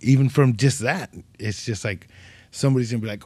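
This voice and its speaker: A man's voice: mid-range voice, brisk, breathy edge, no room sound. Slangy, profane man. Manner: slangy, profane, animated storytelling. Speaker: comedian guest. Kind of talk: casual podcast chat.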